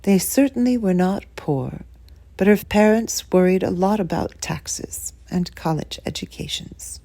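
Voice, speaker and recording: A woman reading a children's chapter book aloud with expressive storytelling. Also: on the low side, measured pace, creaky. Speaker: reader.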